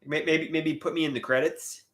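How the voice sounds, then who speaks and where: A man's voice: a little high, steady tone, normal speed, a bit bright, a little hiss or hum. A man in his thirties hosting a casual live stream, chatting and reading viewer comments aloud, often stammering and restarting. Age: 30s. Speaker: livestream host.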